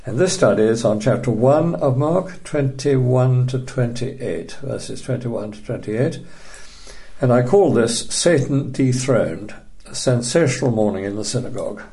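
A man teaching a recorded Bible study lecture, measured and emphatic, dryly dismissive of opposing views. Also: medium pitch, warm tone.

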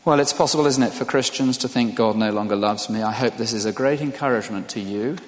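A man's voice: mid-range voice, quick pace. An older man preaching a sermon in a conversational way, putting questions to his listeners. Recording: long hall reverb.

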